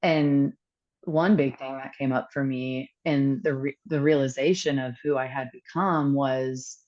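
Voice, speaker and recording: Low-pitched woman guest sharing her story, earnest, lots of ums and pauses, kinda dull lo-fi sound. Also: steady tone. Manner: earnest, reflective, with many pauses and fillers. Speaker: podcast guest. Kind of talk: candid personal storytelling.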